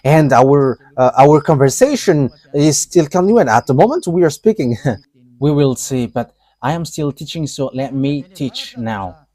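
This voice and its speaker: A man preaching a live sermon, halting, with frequent pauses and fillers, and chuckling between statements. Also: fairly high pitch, expressive, dark tone, no room sound.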